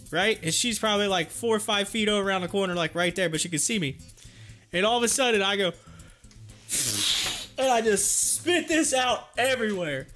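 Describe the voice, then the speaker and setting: High, bright-voiced man telling a funny story. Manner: rambling, laughs often, grows animated at the funny parts. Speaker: livestream host. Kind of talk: casual storytelling.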